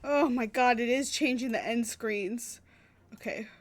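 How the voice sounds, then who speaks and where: A woman's voice: fairly high pitch, unhurried. A young woman streaming a game, chatting casually, gushing and swearing as she reacts.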